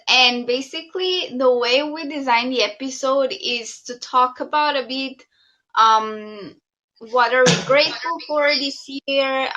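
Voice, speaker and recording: A woman co-hosting a podcast with her partner in relaxed casual chat, often pausing on "um". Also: sits high, low-quality recording. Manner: relaxed, with frequent "um" fillers. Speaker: podcast co-host.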